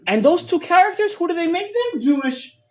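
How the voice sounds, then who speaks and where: A man giving a fiery Torah lecture as a rabbi, swinging between loud outbursts and hushed asides, mixing English with Hebrew terms, on a dull lo-fi recording. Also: very high voice, big pitch swings, fairly quick. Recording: dull lo-fi audio.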